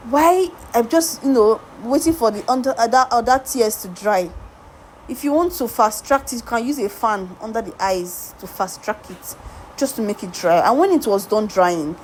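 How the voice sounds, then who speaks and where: A woman's voice: fairly high pitch, lively intonation, moderate pace, darkish tone, a little hiss or hum, low-quality recording. A woman makeup artist narrating a tutorial, talking straight to her viewers, repeating words for emphasis and asking rhetorical questions. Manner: talks directly to viewers, coaxing and reassuring.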